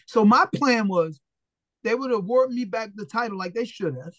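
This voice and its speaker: At a normal speed and in a high-sitting voice, this former boxer from Philadelphia recounts stories as an interview guest, bluntly and profanely, acting out the dialogue of people he quotes with animation. No room sound is audible.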